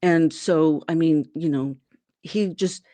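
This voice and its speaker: A deep-voiced woman from Arizona takes her time telling a personal story as an interview guest, with no echo on the recording. Animated, she acts out what people said in a raised voice.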